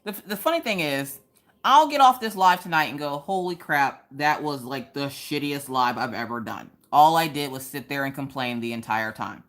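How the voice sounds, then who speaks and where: Low-voiced woman ranting on a crafting livestream. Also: moderate pace. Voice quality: ranting, animated, with sudden high exclamations. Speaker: livestream host. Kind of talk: casual chat while crafting. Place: home.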